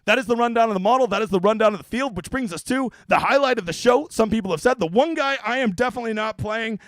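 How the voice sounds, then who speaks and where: A brash, joking man hosting a casual streamed picks show, tossing in profanity as he rattles through names at a breakneck pace. His voice sits high for a man. The sound is close and dry, with no echo around it. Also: quick pace, fairly bright tone. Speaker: fantasy golf analyst host.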